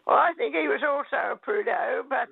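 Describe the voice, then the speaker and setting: An older woman calling in to a radio show, talking in a halting, hesitant way. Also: sits high, gravelly, dry recording. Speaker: caller. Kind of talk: casual phone-in chat. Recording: tinny phone line.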